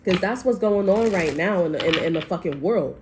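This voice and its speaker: A woman's voice: fairly low pitch, expressive, a little fast, a little hiss or hum. A woman giving a casual tarot reading, talking in a blunt, profane, rambling way. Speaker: tarot reader.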